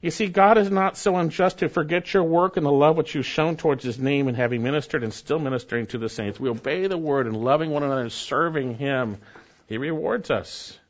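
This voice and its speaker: Preacher, male, earnest and emphatic; muffled lo-fi recording. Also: fairly quick. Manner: earnest, emphatic, drops to soft low phrase endings. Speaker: pastor. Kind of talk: expository sermon. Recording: dull lo-fi recording.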